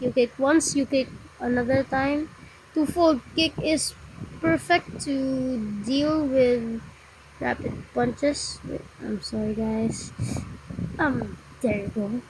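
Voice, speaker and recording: A woman giving casual game commentary, talking through moves in a rambling, halting way and often stopping to apologize. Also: high-pitched, a little hiss or hum, low-quality recording. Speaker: gameplay tutorial narrator.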